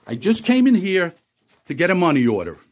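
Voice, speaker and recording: A man's voice: high-pitched, huge pitch swings, brisk, breathy edge. A middle-aged man in a post office lobby, filming on his phone and arguing in a combative, insulting, repetitive way. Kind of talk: heated on-the-spot argument.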